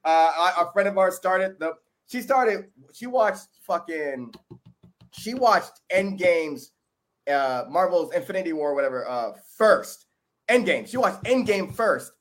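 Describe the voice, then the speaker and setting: High, excitable male podcast host. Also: a little slow. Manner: emphatic, excitable, swears freely. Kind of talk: casual chat.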